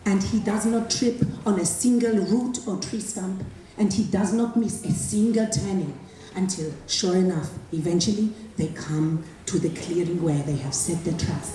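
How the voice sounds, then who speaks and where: A woman tells a folktale live in rhythmic, expressive phrases. Her mellow voice comes from far off in a very echoey hall, with faint ambience behind her. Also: mid-range voice, a little hiss or hum. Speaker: storyteller. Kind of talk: live oral storytelling.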